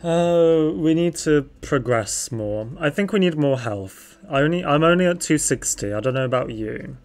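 A young adult co-streamer chatting casually during a game, playful and quick to laugh. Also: medium pitch, animated, darkish tone, soft background music. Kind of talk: casual gaming chat.

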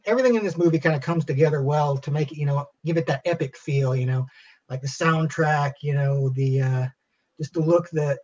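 A man on a film review panel, talking in a halting, casual way, full of "like" and "you know". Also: on the high side, darkish tone. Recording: dull lo-fi audio.

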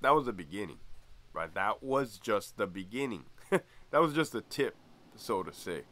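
Brief: former lieutenant turned host, bright, animated voice, easygoing and laughing often. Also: male voice, fairly low pitch, moderate pace. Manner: chuckles often, keeps asking "right?". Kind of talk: casual storytelling vlog.

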